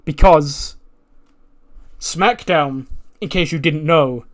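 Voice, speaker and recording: A man doing a slow, menacing wrestler. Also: on the high side. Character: angry hulking male wrestler issuing threats.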